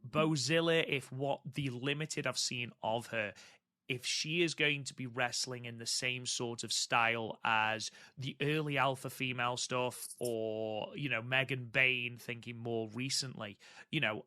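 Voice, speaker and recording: A man's voice: medium pitch, fairly even intonation, a little slow, pushed and bright, no echo, studio quality. A man co-hosting a podcast in casual chat, enthusiastic and prone to repeating words for emphasis. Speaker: podcast co-host.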